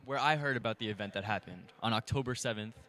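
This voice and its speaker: A man's voice: fairly low pitch, fast, bright, forceful tone, slight background noise. Earnest young man sharing his view. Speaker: guest. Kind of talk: casual opinion discussion. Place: outdoors on a college campus.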